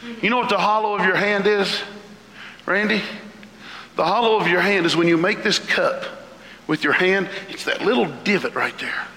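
A male pastor delivers a fervent sermon in a high, gravelly voice, breaking into shouted lists. The sound carries the long reverb of a large church hall. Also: normal speed. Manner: fervent preaching with shouted lists and sudden pitch leaps. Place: church sanctuary. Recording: echoey hall.

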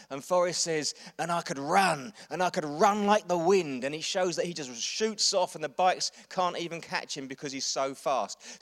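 A man preaching a sermon, animated and acting out quotes, swinging between loud and quiet. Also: on the high side.

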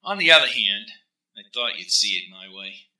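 A man voicing a calm, threatening male gunman in a sci-fi story reading. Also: mid-range voice, normal speed, roomy sound, poor audio. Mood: menacing. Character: cool, menacing male gunman.

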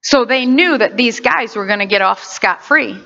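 Woman preaching, high bright voice, gets loud and fired up, muffled lo-fi sound. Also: moderate pace, gravelly. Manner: impassioned, animated preaching with sudden loud high outbursts. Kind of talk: sermon. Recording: dull lo-fi recording.

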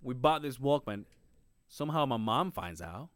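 Animated, swearing man telling stories. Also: mid-range voice, normal speed, no room sound. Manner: animated, swears a lot, acts out quotes. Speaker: podcast co-host. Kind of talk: casual chat, storytelling.

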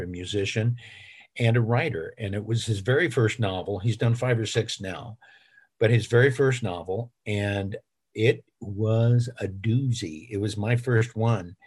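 Husky, low-voiced male actor, chatty. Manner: chatty, rambling, self-deprecating. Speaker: actor and voice actor, interview guest. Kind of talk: casual interview storytelling.

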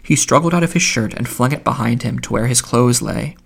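A man reading a literary novel aloud as an audiobook narrator, in a measured, even delivery. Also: medium pitch, vocal fry, slightly rough.

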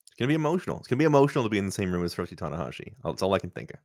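A man co-hosting a casual chat show, playful and quick to laugh. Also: sits low, big pitch swings, a little mellow. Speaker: co-host.

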